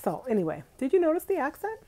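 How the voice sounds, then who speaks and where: A woman in her forties, originally from Brooklyn, talks into a handheld phone in a relaxed live chat with her viewers. Her voice is warm and mellow. She laughs easily and keeps answering comments as they come in. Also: sits high, fast. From Brooklyn, New York. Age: 40s. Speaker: vlogger. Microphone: phone held in hand.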